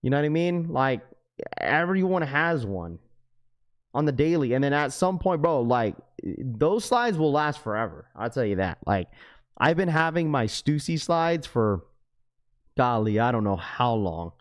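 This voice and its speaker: A young man hosts a live stream and chats casually with his viewers. He rambles, keeps calling people bro, and talks in a smooth, clear voice at an average pitch. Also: very animated, unhurried. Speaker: livestream host.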